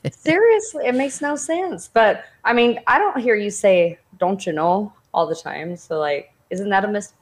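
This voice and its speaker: Blunt woman, softened Texas accent. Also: medium pitch, expressive, normal speed. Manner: emphatic, blunt and defiant. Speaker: guest. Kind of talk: casual conversational interview.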